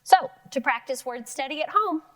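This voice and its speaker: A woman's voice: high voice, expressive, moderate pace, bright, forceful tone. A woman teaching an elementary phonics lesson, sounding out words syllable by syllable.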